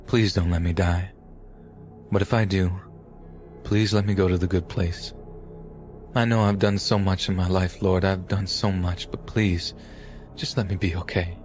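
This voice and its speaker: A man voicing a badly injured twenty-year-old man, shaky, halting and pleading. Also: low voice, fairly even intonation, darkish tone, faint music behind. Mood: praying softly.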